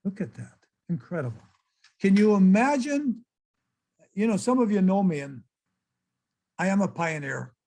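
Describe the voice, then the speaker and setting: A man's voice: sits high, big pitch swings, normal speed, long pauses, mellow. An older man giving a casual, chatty slideshow talk and exclaiming to his audience as presenter. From United States.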